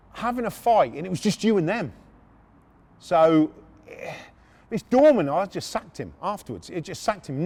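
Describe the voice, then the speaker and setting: A middle-aged man hosting a podcast, telling a story in an animated, sweary, self-mocking way. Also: a little high. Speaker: podcast host. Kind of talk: storytelling monologue.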